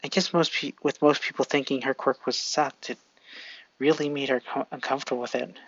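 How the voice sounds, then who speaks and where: A storyteller voicing an earnest, nervous teenage boy who talks softly and stammers. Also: mid-range voice, steady tone, a little fast, slightly rough, no echo, lo-fi sound.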